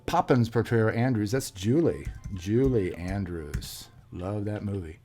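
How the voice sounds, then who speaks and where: A man's voice: on the low side, animated, a little slow, warm tone, soft background music. A man hosting his own show, chatting casually as he solves a crossword and thinks aloud with many fillers and restarts. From USA. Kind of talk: casual solo puzzle commentary.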